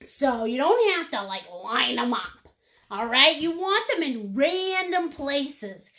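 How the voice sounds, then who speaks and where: A woman's voice: high voice, very animated, slow pace, bright, forceful tone. A woman teaching a live-streamed painting class, bubbly and playful as she chats with her viewers. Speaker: painting instructor.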